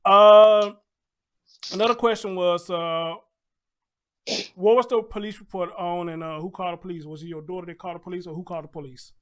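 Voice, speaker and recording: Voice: mid-range voice, steady tone, a little fast, clean tone. A host of a live-stream call-in show, talking casually, joking and reading viewers' questions.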